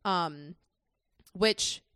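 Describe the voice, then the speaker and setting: A woman's voice: fairly low pitch, extremely slow, a bit bright, no room sound, studio quality. A woman co-hosting a podcast, chatting casually about a film with enthusiasm and lots of fillers. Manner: enthusiastic, rambling with many fillers. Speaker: podcast co-host.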